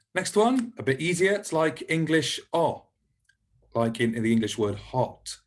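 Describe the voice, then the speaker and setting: A man teaching a pronunciation lesson, patiently explaining each sound and modelling words for listeners to repeat. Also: on the low side. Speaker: language teacher.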